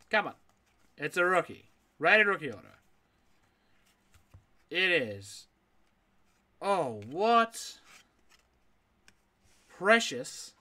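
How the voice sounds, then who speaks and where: A man's voice: fairly high pitch, pushed and bright. A man running a live card break, reading out names in a list and chatting with viewers. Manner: rattles off names, reacts aloud, chats with viewers. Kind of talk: live card-opening stream.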